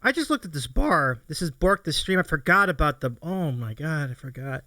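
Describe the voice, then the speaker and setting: Male talk host, high-ish bright voice, upbeat, self-mocking. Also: big pitch swings, a little fast, no room sound. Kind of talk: casual interview chat.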